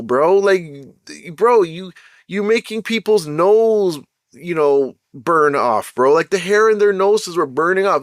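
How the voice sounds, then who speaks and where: Hosting his own show, a man with a high-pitched voice tells a personal story in a casual, slangy, animated way, recorded in a clean studio with no echo. He checks in with the listener often, repeatedly saying "bro" and "right?"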